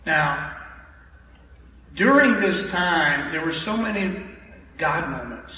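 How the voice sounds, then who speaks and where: Man, church testimony, emphatic and repetitive, high bright voice, echoey distant hall. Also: takes it slowly. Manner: animated, emphatic, repeats phrases for effect. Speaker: church member giving testimony. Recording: echoey hall from far off, dull and noisy.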